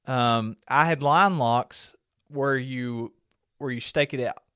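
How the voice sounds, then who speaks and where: A man's voice: mid-range voice, slow, bright, forceful tone, smooth, no room sound, studio quality. A man co-hosting a casual outdoors podcast, telling rambling stories and laughing often. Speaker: podcast co-host. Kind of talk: casual chat.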